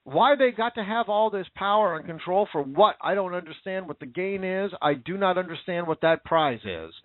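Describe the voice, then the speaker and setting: A man's voice: sits high, expressive, normal speed, dry recording. A man giving a heated, sarcastic political rant, swearing as he talks. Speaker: political commentator. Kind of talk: angry ranting monologue. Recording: tinny phone-like sound.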